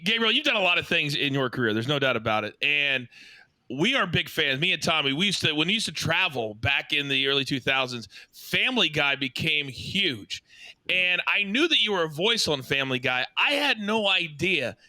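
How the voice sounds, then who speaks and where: Bright, dry-sounding interview host. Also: male voice, a little high, big pitch swings, moderate pace, no echo. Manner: enthusiastic, talks in long winding questions. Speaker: podcast host. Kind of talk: casual interview.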